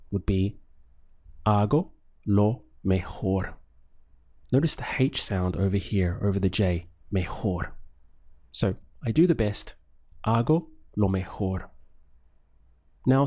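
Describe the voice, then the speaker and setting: A man with a mellow, fairly low voice leads a scripted language lesson for beginners. He speaks in slow, deliberate phrases and spaces each word clearly for the learner. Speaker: language teacher.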